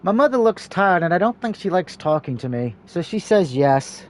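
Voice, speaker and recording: A man streaming a story game, reading its text aloud and breaking off for quick, joking asides. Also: sits high. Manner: mixes steady reading with quick, jokey asides.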